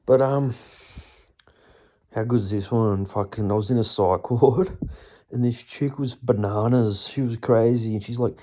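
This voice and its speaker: Young Australian man, casual storyteller, warm dark tone, crude and rambling. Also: mid-range voice, unhurried, dry recording. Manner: blunt, sweary, rambling. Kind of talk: casual anecdote telling.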